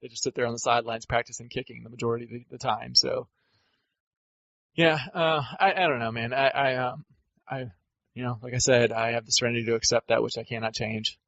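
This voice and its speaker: A man's voice: medium pitch, steady tone, a little fast, gravelly, a bit bright, no room sound. Exasperated ranting man on a sports podcast. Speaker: podcast co-host. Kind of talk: casual sports podcast rant. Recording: dull lo-fi dry audio.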